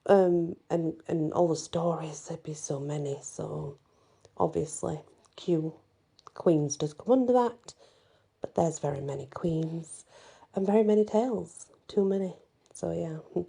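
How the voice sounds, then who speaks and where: A woman reading old fairy ballads and folklore aloud as a storyteller, gentle and unhurried, sometimes dropping into a soft whisper. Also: sits low, creaky, slightly rough.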